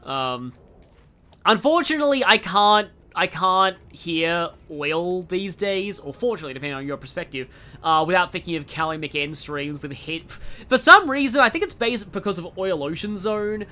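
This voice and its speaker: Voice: mid-range voice, lively intonation, normal speed, bright, forceful tone. A young adult in their twenties with an Australian accent, chatting enthusiastically through casual game stream commentary, often restarting sentences. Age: 20s.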